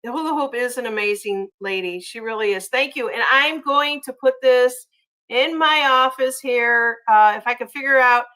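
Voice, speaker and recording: A chatty woman hosts a casual livestream and reads viewer comments aloud, filling pauses with ums and uhs. Her voice sits a little high and comes across bright and forceful, though the audio is poor.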